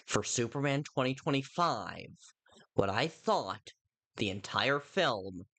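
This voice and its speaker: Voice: medium pitch, big pitch swings, slow, a bit bright. A livestreamer giving casual spoken commentary on a film, rambling, often breaking off mid-sentence to restart, and addressing viewers in chat directly. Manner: rambling, with frequent self-interruptions and restarts.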